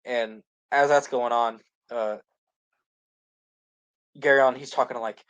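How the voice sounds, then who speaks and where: A man's voice: medium pitch, fairly even intonation, slow, pauses often, fairly bright tone, smooth. A man co-hosting a podcast, recapping a series in casual chat full of "like" and restarts. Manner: rambling, heavy use of "like" and restarts. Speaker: podcast co-host.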